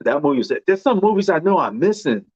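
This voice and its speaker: A man's voice: on the high side, big pitch swings, fast, breathy edge, no echo. Slangy New York man, dull dry sound. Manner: slangy, rambling, many fillers. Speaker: movie commentator. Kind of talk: casual chat.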